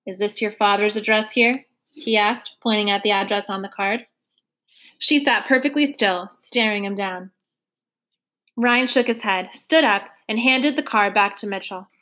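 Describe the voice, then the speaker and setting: A woman reading a novel aloud for listeners to follow along, in a steady storytelling manner. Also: medium pitch, unhurried. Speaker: reader.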